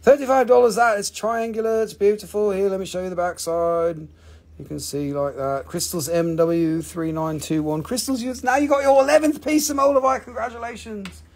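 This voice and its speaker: A man's voice: high-pitched, normal speed, a little mellow. A man hosting a live crystal sale, joking and swearing casually in loose, offhand phrasing. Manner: joking, profane, loose non-native phrasing.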